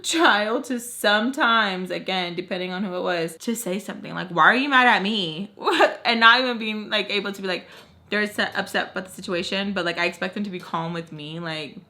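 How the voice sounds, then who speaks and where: Bright, animated young woman telling a story. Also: mid-range voice, brisk. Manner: animated, heavy use of "like", acts out quotes. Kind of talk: casual storytime chat.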